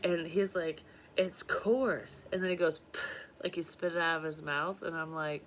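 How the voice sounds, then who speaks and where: A woman, a psychic medium, casually retelling a dream in a blunt, profane, animated way. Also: sits low, fairly quick, a little hiss or hum. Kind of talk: casual storytelling monologue.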